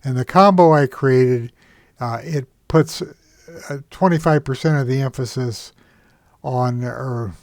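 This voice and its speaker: Male instructor, mid-pitched, for a dry-miked screen tutorial; slow, halting delivery full of "uh" pauses. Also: a little mellow, no echo. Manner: unhurried, many "uh" pauses and self-corrections. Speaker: trading software instructor. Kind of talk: screen-share software tutorial.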